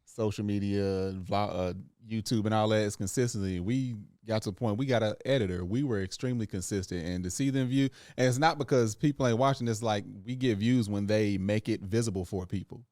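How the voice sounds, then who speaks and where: A man's voice: fairly low pitch, brisk, few pauses, darkish tone, no room sound, studio quality. A man co-hosting a podcast, chatting in a laid-back, joking way with slang. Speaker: podcast co-host. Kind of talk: casual podcast chat. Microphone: studio microphone.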